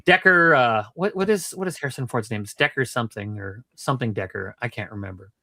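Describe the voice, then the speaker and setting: A man's voice: mid-range voice, expressive, fast talker, vocal fry, bright, forceful tone, no echo, clean studio sound. A man from Minnesota on a casual live stream, teasing and playful.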